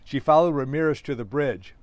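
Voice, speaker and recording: A man, the author, reading his own novella aloud in a steady storytelling manner. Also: fairly high pitch, a little fast, no room sound, muffled recording.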